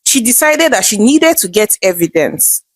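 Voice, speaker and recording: A woman's voice: medium pitch, very animated, moderate pace, no echo. A woman narrating a scripted folktale in a dramatic storytelling manner.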